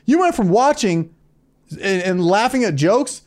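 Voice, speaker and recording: A man with a high voice talks on a casual podcast, and his pitch swings widely all over the place. His stories are crude and animated, and he acts out the people in them as he tells them. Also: measured pace. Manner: animated, crude storytelling with acted-out quotes. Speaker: podcast co-host.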